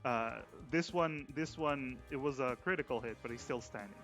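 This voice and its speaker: A man's voice: mid-range voice, normal speed, fairly bright tone, soft background music. A man running a tabletop game as game master, narrating the action in a casual way with frequent fillers.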